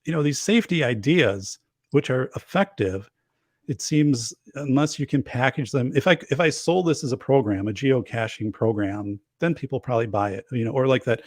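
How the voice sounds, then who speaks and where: An earnest man guest talks through his ideas at a middle pitch, stopping often for ums and restarts. His voice is recorded dry and close, with no room sound. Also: animated, normal speed, dry recording. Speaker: guest safety expert. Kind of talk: casual chat.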